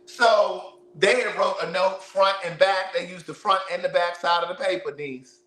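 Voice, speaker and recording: A man telling stories loudly and animatedly while cooking, full of profane banter with his viewers. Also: high-pitched, steady tone, normal speed, reverberant. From Baltimore, USA. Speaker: vlogger. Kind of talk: casual storytelling while cooking.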